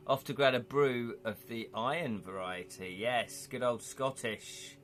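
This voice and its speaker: A man's voice: mid-range voice, slow, a bit bright, faint music behind. A man chatting casually on a live stream, rambling a little and reading out viewer comments, from the United Kingdom. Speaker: streamer and illustrator.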